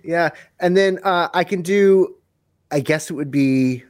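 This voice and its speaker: A man's voice: a little high, a little slow, clean tone, no echo. An American man, a guest author, chatting casually on a podcast in a nervous, self-deprecating way with frequent laughs. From United States.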